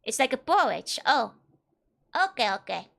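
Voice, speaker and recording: Young woman, VTuber streamer, fairly high voice, giggly and chatty. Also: big pitch swings, normal speed, gravelly, fairly bright tone. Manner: giggly, laughs often between remarks. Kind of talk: casual let's-play chat with viewers.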